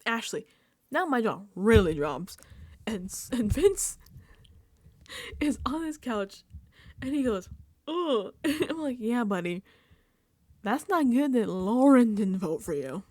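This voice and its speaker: A woman with a fairly high voice hosts a casual reality TV recap at a desk microphone, speaking slowly with frequent pauses. She's animated, acting out her own reactions and quotes. The recording is dry.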